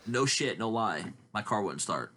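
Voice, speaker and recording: A man's voice: lowish voice, normal speed, slightly rough. A man co-hosting a casual chat podcast, rambling through profane stories. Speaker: podcast co-host. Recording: steady background noise.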